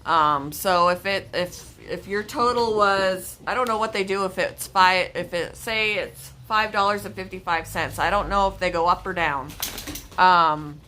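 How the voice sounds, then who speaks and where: A woman's voice: lowish voice, measured pace, bright, forceful tone, slight background noise. A woman from Michigan hosting a casual livestream chat from home, rambling and laughing often. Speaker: livestream host. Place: home, with her dog.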